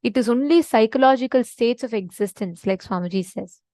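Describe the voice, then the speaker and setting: A woman's voice: fairly high pitch, a little fast, mellow, dry recording, studio quality. A woman giving a devotional teaching session, speaking earnestly and emphatically and repeating her key points. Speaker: spiritual teacher.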